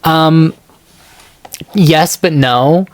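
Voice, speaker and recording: A man co-hosting a podcast, telling a personal story in a casual, rambling way, full of fillers and acted-out quotes. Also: very slow. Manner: rambling, filler-heavy, acts out quoted texts in a higher voice. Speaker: podcast co-host.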